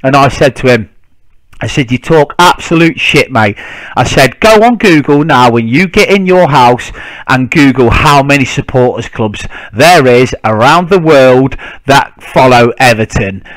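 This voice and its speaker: A man's voice: medium pitch, a bit bright, no room sound, poor audio. A man ranting indignantly to camera about football rivals, swearing freely. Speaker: football fan vlogger. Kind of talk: casual ranting monologue.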